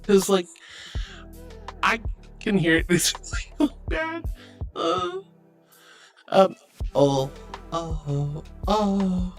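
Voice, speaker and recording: A woman's voice: on the low side, expressive, very slow, long pauses, faint music behind. A woman streamer chatting casually with viewers, playful and dramatic, calling them honey and sweetie. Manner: playful and dramatic, often laughing. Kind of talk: casual livestream chat.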